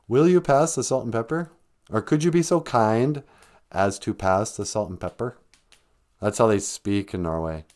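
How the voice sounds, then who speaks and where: A man's voice: lowish voice, lively intonation, normal speed, darkish tone. A man hosting a live-stream podcast, chatting casually in a rambling way and laughing often. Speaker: podcast host.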